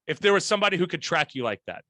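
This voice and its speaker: A man co-hosting a casual podcast chat, animated and blunt, swearing and laughing often. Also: fairly high pitch, very fast, no room sound. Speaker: podcast co-host.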